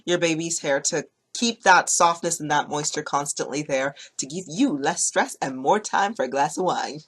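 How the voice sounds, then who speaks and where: A woman hosting a casual hair care tutorial, chatty and reassuring, with lots of fillers and quick self-corrections. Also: low-pitched, slightly rough. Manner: gentle, reassuring instruction.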